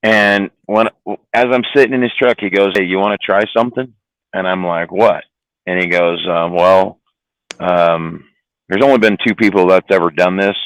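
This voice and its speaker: A man's voice: low-pitched, normal speed, fairly bright tone, clean tone, no echo, low-quality recording. A man, a trucker, telling a rambling, profane story in casual chat, often repeating words. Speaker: trucker guest. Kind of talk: casual storytelling on a live stream.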